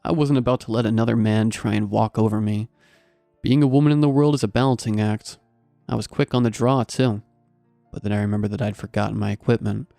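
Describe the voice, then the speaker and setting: Male horror-story narrator: wry scripted delivery, low pitch, dry close sound. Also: steady tone, a little fast, creaky, warm tone, dry recording, soft background music.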